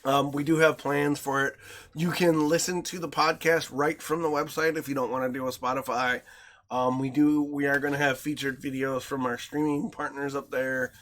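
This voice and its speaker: A man, co-hosting a podcast in casual chat, animated and quick to laugh. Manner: animated, laughs often, jumps into squeaky voices when retelling. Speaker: podcast co-host.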